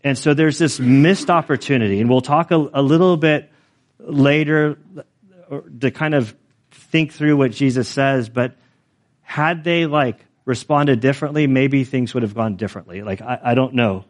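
A man preaching to his congregation in an easygoing, conversational manner. He drifts into self-deprecating asides as he explains a scripture passage. His voice sits at a medium pitch. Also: moderate pace. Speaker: pastor. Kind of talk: sermon.

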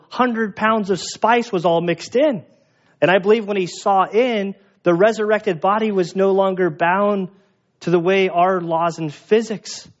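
A man preaching a sermon in a lively, animated way, acting out the voices of people in the story. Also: high-pitched, lo-fi sound. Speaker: pastor.

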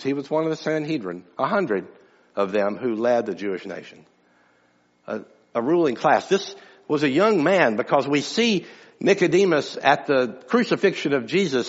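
A man preaching a sermon to his church in a conversational, emphatic way, often restarting his phrases. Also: mid-range voice. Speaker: pastor. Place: church sanctuary. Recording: dull sound with long hall reverb.

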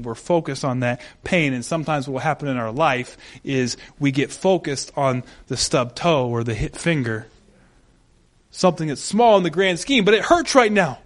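High-voiced pastor preaching animatedly. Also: male voice. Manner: animated, humorous, acts out scenes. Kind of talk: sermon.

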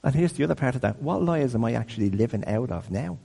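A man's voice: medium pitch, lively intonation, fast talker, vocal fry, warm tone, slightly rough. A man in his fifties giving a conversational sermon-style teaching talk, often asking the audience questions. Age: 50s. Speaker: speaker. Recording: long hall reverb.

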